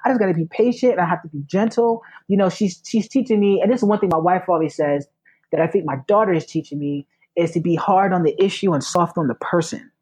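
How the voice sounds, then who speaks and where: A man's voice: sits high, fast talker, a little mellow, breathy edge, poor audio. A man who is a new parent, talking earnestly and reflectively in a casual conversation, repeating phrases for emphasis.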